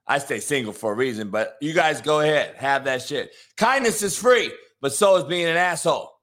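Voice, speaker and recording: A man hosting a morning sports talk show, hoarse from yelling, brash and profane as he hypes the show and reads sponsor plugs. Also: a little high, animated, moderate pace. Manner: brash, profane, hype-driven.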